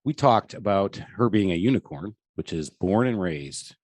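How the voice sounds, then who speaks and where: A man's voice: sits low, expressive, moderate pace, a little mellow, no room sound. A middle-aged man from Michigan with a Michigan accent, hosting a casual podcast chat and telling jokey stories with acted-out voices. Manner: jokey storyteller who acts out quoted voices. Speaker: podcast host.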